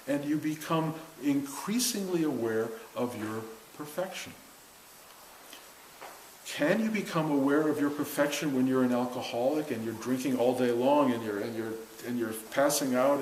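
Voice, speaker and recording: A man giving a spiritual talk to a group, animated and acting out the voices he quotes. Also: mid-range voice. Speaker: spiritual teacher. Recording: echoey room with faint hiss.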